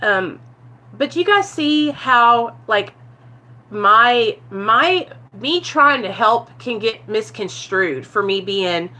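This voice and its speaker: Earnest, bright-voiced woman vlogger. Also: fairly high pitch, expressive, slow pace. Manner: earnest and confessional, often addresses viewers as you guys; answers live chat comments mid-talk. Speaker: recovery vlogger. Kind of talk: casual live-stream talk to viewers.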